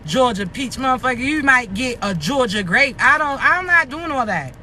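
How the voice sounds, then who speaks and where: Ranting bluntly at her followers in a casual vlog, a woman in her thirties swears and fires rhetorical questions, slightly out of breath outdoors near traffic. Her high voice is sharp in tone, with lively intonation and a moderate pace.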